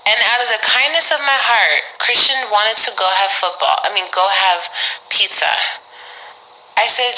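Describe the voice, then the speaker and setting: A young woman casually telling a personal story to her viewers, animated and exasperated, with slang and direct asides. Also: fairly high pitch, normal speed, poor audio. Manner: animated, emphatic, exasperated retelling.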